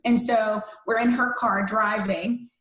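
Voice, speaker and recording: A woman in her thirties from the United States, a cancer survivor, earnestly shares a personal story as a guest on a podcast interview. Her fairly high, fairly bright voice stays steady and slow, full of fillers and restarts, with a roomy echo around it.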